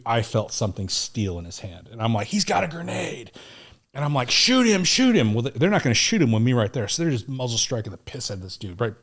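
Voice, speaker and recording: A middle-aged American man telling a war story in a podcast interview, casual and profane, acting out what people said. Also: medium pitch. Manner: animated, profane war storytelling, acts out quotes. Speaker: guest.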